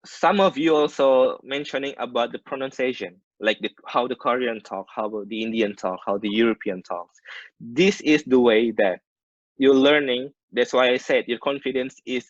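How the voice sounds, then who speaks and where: A man's voice: medium pitch, normal speed, no echo. Indonesian man teaching maritime English online. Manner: explains terms by switching between English and Indonesian glosses, many restarts. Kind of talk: online class lecture. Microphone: video call. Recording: muffled online call audio.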